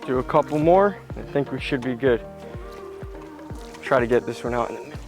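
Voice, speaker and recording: A young man filming a casual vlog in his backyard, excitable and slangy, talking straight to his viewers. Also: medium pitch, moderate pace, music in the background. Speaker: vlogger. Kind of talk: casual outdoor vlog narration. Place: backyard outdoors.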